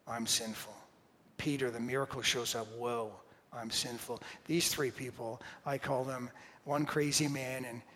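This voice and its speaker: A man preaches in a church sanctuary, his voice rising to loud declarations and then falling to hushed whispers. His pitch sits in a middle range. The sound carries the long reverb of a large hall. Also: a little hiss or hum. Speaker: pastor. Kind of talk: sermon.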